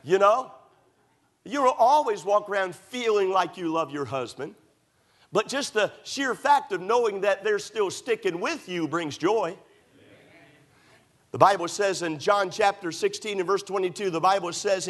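A pastor from Maryland delivers a sermon in a church, his voice sitting a little higher than most men's. He mixes homey stories with emphatic rhetorical questions. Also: normal speed, fairly bright tone. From United States (Maryland). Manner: folksy storytelling preacher, rhetorical questions, emphatic.

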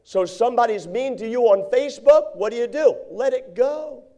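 High, mellow-voiced guy preaching a sermon, quotes scripture, does little voices for people. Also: normal speed. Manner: preachy, acts out quoted voices, reads King James verses.

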